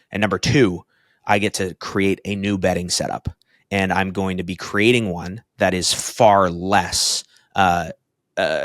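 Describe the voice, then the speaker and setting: A man in his thirties co-hosting a podcast, telling rambling, excitable stories full of fillers and swearing. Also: low voice, dry recording, clean studio sound. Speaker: podcast co-host. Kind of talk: casual chat.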